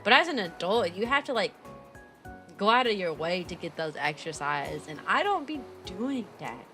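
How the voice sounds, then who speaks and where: A young woman chatting casually on a livestream, bubbly and animated, laughing often as she reads viewer messages aloud. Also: fairly low pitch, moderate pace, music in the background. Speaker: VTuber streamer and kindergarten teacher.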